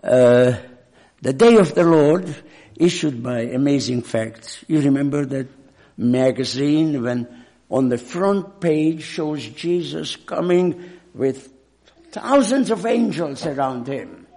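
An older man, not a native English speaker, preaching a sermon and telling a personal story, with a halting manner and frequent throat clearing. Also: a little high, expressive, mellow.

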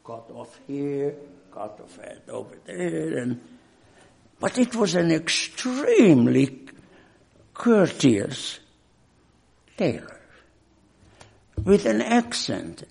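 Slow gravelly older preacher. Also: male voice, on the high side, very animated, darkish tone. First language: not English. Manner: slow, halting, with frequent throat clearing. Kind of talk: sermon with personal story.

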